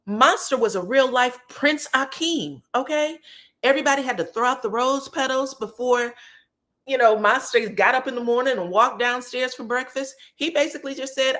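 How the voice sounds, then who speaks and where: A sassy woman talks straight to her live-stream chat, recapping a reality show in a loose, casual way. She swears freely and drops into quick impressions of the people she quotes. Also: sits high. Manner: animated, sassy, profane, quotes people in put-on voices.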